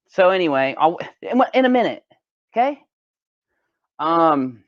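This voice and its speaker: A man's voice: fairly high pitch, big pitch swings, fairly quick, no echo. A man live-streaming from home, chatting casually and rambling, swearing freely and talking to his cat between remarks. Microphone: desk microphone. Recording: dull lo-fi dry home mic.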